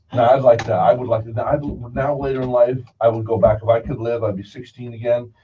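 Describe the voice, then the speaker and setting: A man hosting a casual local radio talk show, joking and animated with his guests. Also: medium pitch, brisk, a little hiss or hum. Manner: animated, jokey, self-deprecating. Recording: distant muffled radio studio sound.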